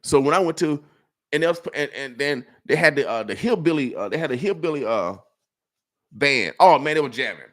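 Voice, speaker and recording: A man from Nebraska hosting a morning radio show, talking in an animated way that repeats itself and exhorts like a preacher. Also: on the high side, moderate pace. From Nebraska, USA. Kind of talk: casual radio talk. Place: radio studio.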